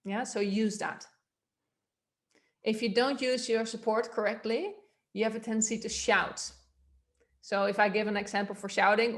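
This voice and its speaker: A woman's voice: medium pitch, steady tone, a little slow. A woman voice coach giving a workshop, explaining techniques in a loose, conversational way and demonstrating them aloud. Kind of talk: workshop instruction.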